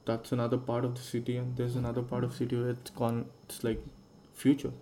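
A young man talks through a loose solo podcast, drifting between thoughts and dropping casual curses. His voice is gravelly with a dark, mellow tone. Faint background noise sits under the speech. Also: mid-range voice, completely flat delivery, brisk. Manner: rambling, musing and swearing freely. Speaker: podcast host.

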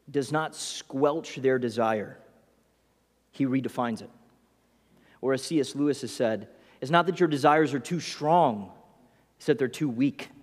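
Preaching man in a reverberant hall. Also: mid-range voice. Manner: lively storytelling preacher, voices the disciples. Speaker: pastor. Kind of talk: sermon.

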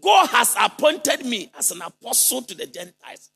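A male preacher delivers a fervent sermon in a high, husky, gravelly voice that leaps and drops wildly, breaking into shouted and sung lines. His tone is bright and forceful. Faint music plays under him. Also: big pitch swings, normal speed. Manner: fervent preaching, shouted and sung phrases, congregation call-and-response.

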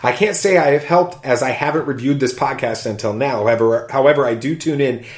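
Male podcast host, mid-pitched, animated reader of fan mail, echoey room. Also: a little fast. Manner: animated, whoops and jokes while reading aloud. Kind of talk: casual chat, reading listener reviews.

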